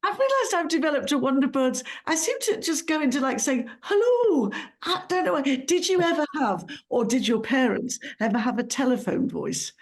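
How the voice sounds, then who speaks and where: A woman co-hosting a casual chat, telling a story in an animated way. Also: high-pitched, moderate pace, few pauses.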